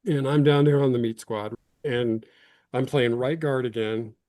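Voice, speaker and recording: A man's voice: mid-range voice, steady tone, a little slow, a little mellow, no room sound. A man in his fifties from Illinois, a former football lineman telling rambling, self-deprecating stories as an interview guest. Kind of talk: casual interview storytelling.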